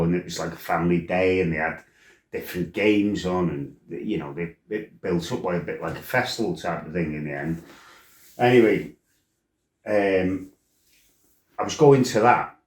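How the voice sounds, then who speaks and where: Deep-voiced man swearing through a story. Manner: blunt, salty, swears freely, rambling asides. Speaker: former fighter telling his life story. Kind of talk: casual storytelling monologue. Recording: roomy echo.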